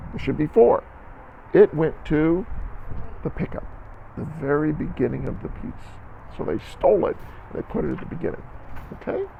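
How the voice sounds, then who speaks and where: A man's voice: on the high side, gravelly, phone-quality sound, a little hiss or hum. A man teaching a music lesson to band students, explaining patiently step by step and sounding out syllables to demonstrate.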